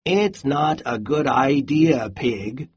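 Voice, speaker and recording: Worrywart goat from a storybook read by a reader, slow, swoopy warnings. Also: lively intonation, husky, heavily acted. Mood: cautioning. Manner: slow, worried warnings, rising to high exclamations. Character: cautious goat warning about every danger.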